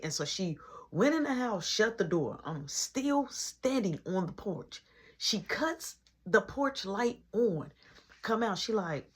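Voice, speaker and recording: A woman's voice: on the low side, animated, slow pace, husky. A woman telling a slangy first-person story in a casual series, acting out every line of dialogue.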